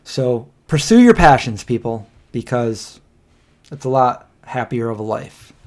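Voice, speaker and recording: A man's voice: medium pitch, lively intonation, a little slow, darkish tone. A man in his thirties co-hosting a casual livestream podcast, rambling through a personal story and acting out what people said. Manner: rambling storyteller, acts out quotes. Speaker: podcast co-host.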